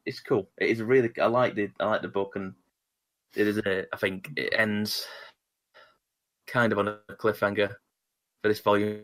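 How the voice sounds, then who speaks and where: Deep-voiced man rambling about comics. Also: a bit bright. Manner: rambling, many restarts and fillers. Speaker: podcast co-host. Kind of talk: casual chat about comics.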